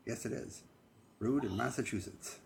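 A man's voice: mid-range voice, normal speed, vocal fry. A man co-hosting a podcast, chatting casually and playfully about drinks. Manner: playful, jokey banter. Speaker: podcast co-host. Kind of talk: casual chat. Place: home in Boston.

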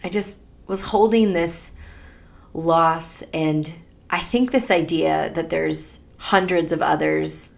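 A woman on a faith podcast recounts a personal moment in an earnest, tender way. Her voice sits low with a gravelly edge. Soft laughs slip in as she talks. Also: slow pace. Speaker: podcast co-host. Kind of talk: reflective faith podcast conversation.

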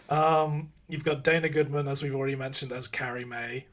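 A man's voice: medium pitch, a little mellow. A man co-hosting a podcast, chatting casually about a film and reading out its cast with a dry, chuckling manner. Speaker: podcast co-host.

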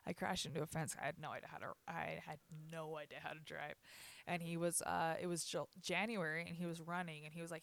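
A woman in her thirties talks openly in a candid conversation, emotional and confessional, with frequent sighs. Her voice sits a little low, and her words often trail off. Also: little pitch movement, quick pace, gravelly, fairly bright tone. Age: 30s.

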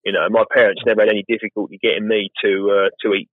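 A man's voice: lowish voice, fairly even intonation, racing, no room sound. A man, a professional gardener, chatting casually and rambling a little as an interview guest. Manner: chatty, rambling, self-deprecating. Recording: tinny phone-like line, dry.

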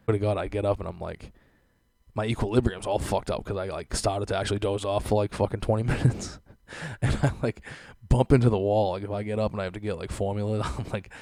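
A man's voice: lowish voice, fairly even intonation, quick pace, warm tone, no echo. A young man hosting a podcast, ranting in a casual, sarcastic way, swearing often and laughing at his own lines. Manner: profane, laughing, sarcastic rant. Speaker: podcast host.

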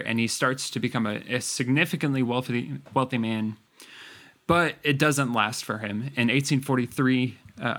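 A man's voice: medium pitch, bright, forceful tone. A man co-hosting a podcast, telling a history story in a casual, rambling way with many fillers. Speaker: podcast co-host presenting the story.

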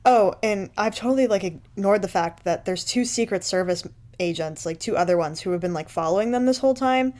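A woman's voice: medium pitch, a little fast, hardly any pauses, darkish tone. Sarcastic woman recapping a movie. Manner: sarcastic, profane, laughs often. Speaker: podcast co-host. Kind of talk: casual movie recap chat.

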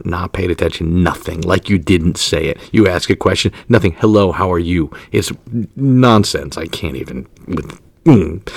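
A man hosting a casual comedy podcast, joking and animated with quick asides. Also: low-pitched, vocal fry, no echo, studio quality. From New Jersey. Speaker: podcast host.

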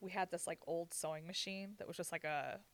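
A woman's voice: fairly low pitch, fairly even intonation, fairly quick. A young woman telling gossipy family stories in casual chat, with lots of laughter and filler words. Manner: storytelling with frequent laughs and "like" fillers. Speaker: podcast co-host.

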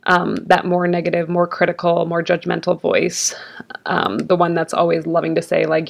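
Gravelly low-voiced woman, earnest. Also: normal speed. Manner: reflective, earnest, many fillers. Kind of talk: conversational interview.

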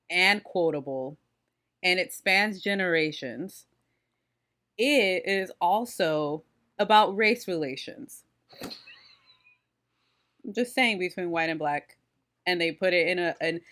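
A woman's voice: lowish voice, fairly bright tone. A woman co-hosting a movie podcast, blunt and profane in argument. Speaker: podcast co-host. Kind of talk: casual podcast chat.

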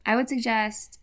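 A woman's voice: a little high, pushed and bright. A woman talking casually on a podcast, playful and laughing often, swearing freely. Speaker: podcast guest. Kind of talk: casual chat.

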